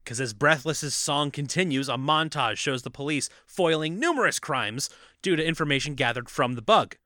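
A man's voice: fairly high pitch, animated, normal speed, bright, forceful tone, no room sound, clean studio sound. A man co-hosting a casual movie podcast, recapping the plot with jokes and frequent laughter. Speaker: podcast co-host.

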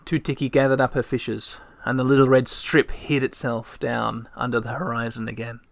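A man reading a storybook aloud with gentle, measured narration. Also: medium pitch, flat delivery, gravelly, no echo, studio quality.

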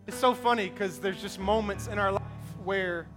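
A man's voice: high voice, normal speed, fairly bright tone, soft background music. A man in his thirties preaching a sermon, telling personal stories in an emotional, conversational way. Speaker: pastor.

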